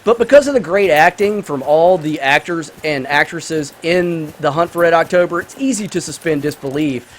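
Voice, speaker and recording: A man hosting a gaming channel, talking casually over his gameplay in a high, bright voice. He rambles with enthusiasm and fills the gaps with plenty of ums and you-knows. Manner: rambling and enthusiastic, full of fillers. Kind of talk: casual let's-play commentary with movie review.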